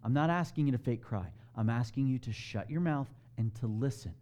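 A man preaching a sermon, animated and emphatic, asking the congregation direct questions and dropping to a hush on key lines. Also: medium pitch, brisk. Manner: swings between loud emphasis and hushed softness. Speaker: pastor.

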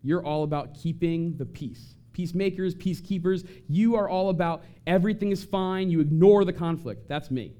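A man giving an animated talk to an audience and acting out short quoted voices. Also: sits high, moderate pace, few pauses. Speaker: speaker on family conflict.

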